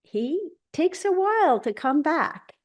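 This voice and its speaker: A woman hosting a spiritual gathering over a video call. She tells a personal story in a lively, casual way, acts out other people's lines as dialogue and often restarts her sentences. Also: high-pitched, takes it slowly.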